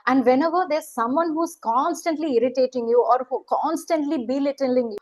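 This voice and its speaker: A woman's voice: sits high, a little fast, a little mellow, rough recording. A middle-aged woman, giving an earnest, questioning motivational talk as a life coach. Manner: acts out quoted voices.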